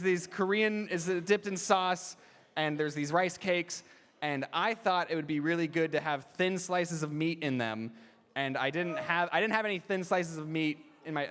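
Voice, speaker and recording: A man's voice: fairly high pitch, fairly bright tone. A young man with a somewhat raised voice fields fan questions on a stage mic, wandering off on tangents, chuckling and tripping over his own restarts. The sound carries the long ring of a big convention hall. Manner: rambling, laughing, restarts often. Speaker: animator answering fan questions. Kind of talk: live fan Q&A panel. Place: large convention hall, in front of an audience.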